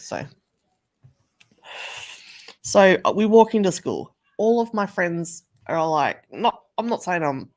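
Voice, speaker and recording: A woman telling a story in a casual livestream, chatting and swearing freely. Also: low-pitched.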